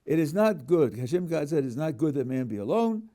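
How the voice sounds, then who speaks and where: Rabbi teaching with lively, mellow voice. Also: male voice, fairly high pitch, a little fast. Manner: reads verses aloud, then questions them with dry humor. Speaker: rabbi teaching a Torah class. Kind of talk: classroom lecture on a text. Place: yeshiva classroom.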